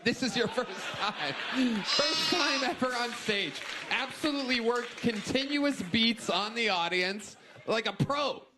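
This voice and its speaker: A man's voice: very high voice, expressive, unhurried, few pauses. A man hosting a live comedy show in a club, exclaiming and laughing often as he questions a comic. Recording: live crowd and room noise.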